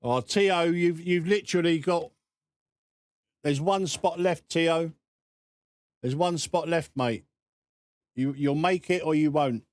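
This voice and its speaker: A man's voice: a little high, takes it slowly, pauses often, dry recording, clean studio sound. A man streaming a racing game, chatting casually with viewers in a teasing way, laughing often and repeating words as he goes. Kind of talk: casual live-stream chat.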